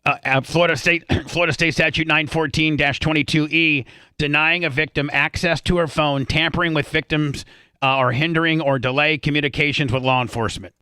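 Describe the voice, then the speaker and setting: A man's voice: fairly high pitch, steady tone, fairly quick, sharp tone, clean tone, dry recording. A man hosting a radio talk show, reading out legal statutes in a studio with stammering restarts.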